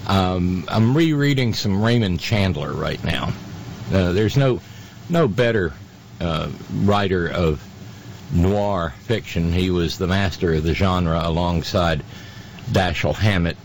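Low-voiced guy on talk radio, slow and sarcastic, lots of uhs, faint hiss behind. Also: animated, vocal fry. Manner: halting and sarcastic, heavy with fillers. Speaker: radio talk show host. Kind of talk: political commentary.

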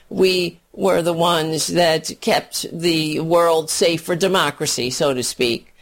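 A hoarse woman doing a profane, scornful political rant on a livestream, often clearing her throat and laughing. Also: fairly low pitch. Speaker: political commentator.

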